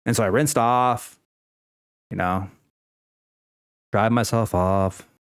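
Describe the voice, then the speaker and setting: A man's voice: on the low side, steady tone, slow, clean tone, no echo, studio quality. A young man ranting casually to the camera at home, rambling with many fillers and restarts and swearing freely. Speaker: vlogger. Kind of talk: unscripted personal rant.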